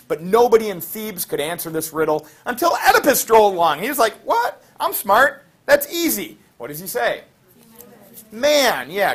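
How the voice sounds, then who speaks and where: A male teacher with a high voice, spinning an old myth for his classroom. He keeps it jokey and slangy, full of asides and fillers. The recording sounds like it was made in the class itself. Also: a bit bright. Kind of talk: classroom storytelling lecture. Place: classroom with students.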